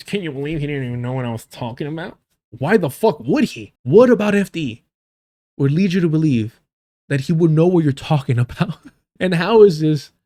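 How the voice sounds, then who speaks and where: A man hosting a live stream, ranting in profane, mocking commentary while reacting to a debate clip. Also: medium pitch. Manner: profane, mocking, animated rants to chat. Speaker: streamer host reviewing a debate.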